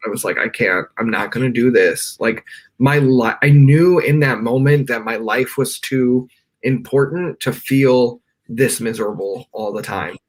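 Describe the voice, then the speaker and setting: A medium-pitched young man speaks at a measured pace as a podcast guest, dialed in remotely from his bedroom. During the live interview he tells a personal story candidly, his earnest delivery rambling and peppered with "like."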